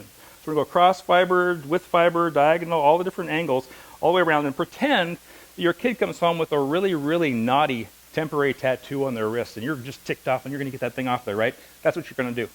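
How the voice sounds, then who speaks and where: A man's voice: fairly high pitch, poor audio. A middle-aged man teaching a hands-on massage class, telling stories and demonstrating as he talks. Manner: fast, anecdotal, demonstrating while talking. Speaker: massage instructor.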